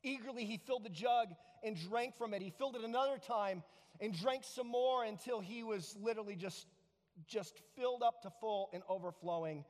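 A pastor giving a sermon, telling a story in an animated way and repeating words for effect. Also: male voice, high-pitched, fairly quick, big-room sound.

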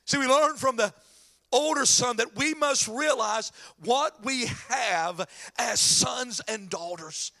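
Pastor preaching a lively sermon: a man with a very high, gravelly voice. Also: takes it slowly. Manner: animated preaching with acted retellings.

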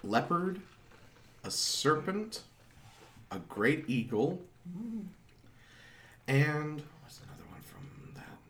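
Male GM, slow descriptive narration, bright tone, a bit low. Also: a little hiss or hum. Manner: unhurried, descriptive, many fillers. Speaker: game master. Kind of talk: narrating a tabletop game.

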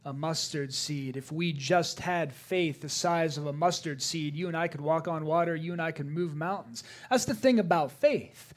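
A man's voice: fairly high pitch, moderate pace, few pauses. A male pastor preaching a sermon to his congregation, emphatic and repeating key phrases for weight.

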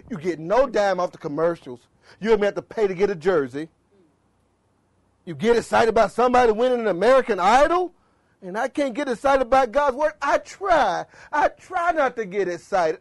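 A man preaching a sermon with passion, swinging between loud exhortation and low murmurs. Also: animated, moderate pace.

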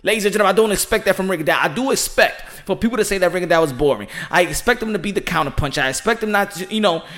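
A fairly high-voiced man riffs through a boxing podcast from a room at home. He talks in an excitable, slangy rush, circling back to "ladies and gentlemen" again and again. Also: racing. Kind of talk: animated boxing commentary monologue. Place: home room with children nearby. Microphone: home setup.

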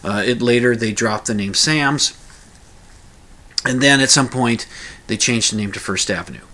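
A man's voice: mid-range voice, normal speed, bright, forceful tone. A man hosting a radio show, talking casually in a rambling way with many fillers and restarts.

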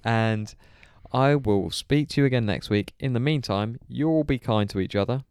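Man, podcast host, wry and relaxed, smooth voice, dry close sound. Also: mid-range voice, moderate pace, no echo. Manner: laid-back, amused, wry. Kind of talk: casual chat.

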